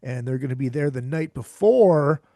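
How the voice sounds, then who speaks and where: A man's voice: medium pitch, lively intonation, normal speed, warm tone, no echo, clean studio sound. A man from Minnesota hosting his own podcast from home, talking in a loose, rambling way with many fillers and restarts. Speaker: podcast host. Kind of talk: casual chatty show intro.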